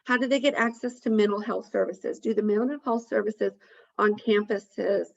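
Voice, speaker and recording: A woman's voice: mid-range voice, fairly even intonation, normal speed, vocal fry, dull audio. A woman presenting on a webinar, talking through a list of points in an earnest way with frequent ums. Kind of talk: informational webinar talk. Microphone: video call.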